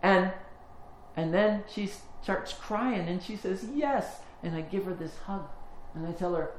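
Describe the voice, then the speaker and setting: A man preaching a sermon, telling a personal story in an earnest way, rising when he retells the moment and going low and soft as he reflects. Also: measured pace. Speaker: pastor. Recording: echoey room with faint ambient noise.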